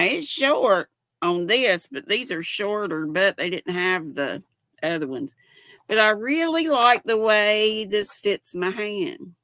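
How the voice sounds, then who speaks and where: A woman's voice: mid-range voice, bright, forceful tone, dry recording. An older woman, hosting a casual live-stream chat and reading viewer comments aloud in a chatty, affectionate way. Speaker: host.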